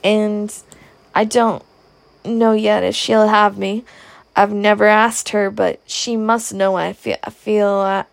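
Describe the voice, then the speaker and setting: A woman's voice: medium pitch, gravelly, no room sound, lightly acted. A woman reading aloud who voices a shy, sheepish older man, talking hesitantly and earnestly.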